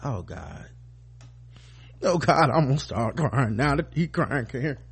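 A man's voice: mid-range voice, sing-song, a little slow, creaky, breathy edge. A man giving casual, profane, sarcastic reaction commentary on a clip he is streaming.

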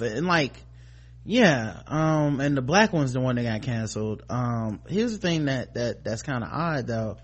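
Animated man in casual podcast commentary. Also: medium pitch, normal speed, husky. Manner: animated, profane, rising to emphatic outbursts; fillers and restarts. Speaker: podcast co-host.

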